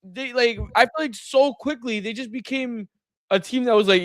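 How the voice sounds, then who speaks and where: A man co-hosting a casual sports chat, talking in an animated, exasperated way with big swings in pitch. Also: normal speed, no echo. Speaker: co-host.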